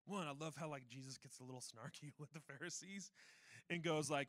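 A male pastor preaches a sermon, animated in his storytelling and fond of rhetorical questions. His voice sits high and bright, and the recording is dry and close. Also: brisk, no room sound. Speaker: church pastor.

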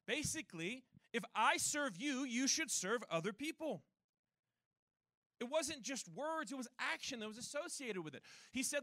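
A male pastor preaches a sermon, animated in his storytelling and fond of rhetorical questions. His voice sits high and bright, and the recording is dry and close. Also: normal speed, dry recording. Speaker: church pastor.

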